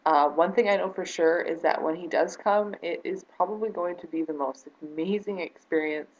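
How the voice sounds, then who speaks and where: A woman's voice: lowish voice, moderate pace, darkish tone, lo-fi sound. A woman talking earnestly to camera in a personal vlog, hesitant with lots of fillers and restarts, near tears. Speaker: vlogger.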